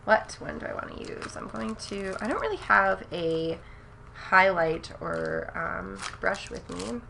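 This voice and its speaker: A young woman reviewing makeup on camera in a casual, gushing way, often gasping in excitement. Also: mid-range voice, a little slow, gravelly, slight background noise. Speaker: beauty vlogger.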